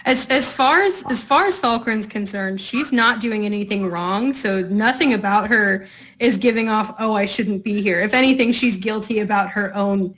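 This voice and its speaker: A woman's voice: medium pitch, normal speed, fairly bright tone, a little hiss or hum. A woman playing a tabletop game, chatty and joking. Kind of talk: casual chat.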